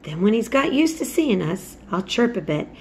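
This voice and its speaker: A woman voicing a gentle, patient country boy who speaks softly in Yorkshire dialect. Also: medium pitch, sing-song, normal speed, a little hiss or hum. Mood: hushed. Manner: hushed, soft-spoken.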